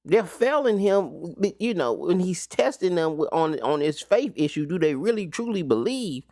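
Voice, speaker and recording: A man's voice: sits high, very animated, normal speed, darkish tone, no echo, studio quality. A man teaching an informal Bible study recap, talking casually with slang and rhetorical questions.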